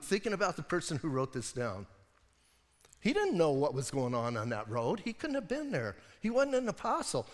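A man preaching in a church, his voice sitting high and swinging widely up and down as he tells the story. He talks to the congregation like friends, leaning on "listen" and "right?", and a long hall reverb trails every phrase. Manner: animated storytelling. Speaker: pastor. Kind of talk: sermon.

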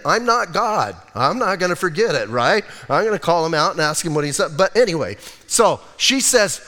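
A male pastor preaching a sermon in a church sanctuary, telling a Bible story in a casual, animated, conversational way. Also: fairly high pitch, moderate pace. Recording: long hall reverb.

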